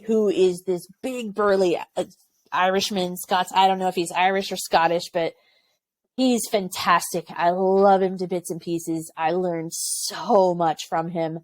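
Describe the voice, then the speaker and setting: In a dry recording, a woman in her forties with a lowish voice and measured pace talks as a podcast guest about her time as an Army aviation medic. The casual interview features candid, lively anecdotes where she quotes people in their own voices and laughs.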